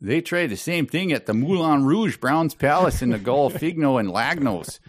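A man's voice: a little high, expressive, normal speed, voice pushed up. A man voicing a pompous old male travel critic with a put-on Canadian accent, haughty and sneering.

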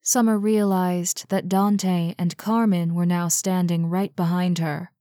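A woman reads an audiobook in a measured, even way, taking her time over every line. Her voice sits a little low, and the recording is close and dry with no room sound. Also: no echo. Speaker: audiobook narrator. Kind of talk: scripted narration.

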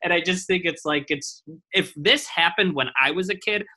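Man, bright forceful tone, easygoing co-host, casual podcast chat. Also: high voice, normal speed. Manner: easygoing, agreeable, lots of "you know".

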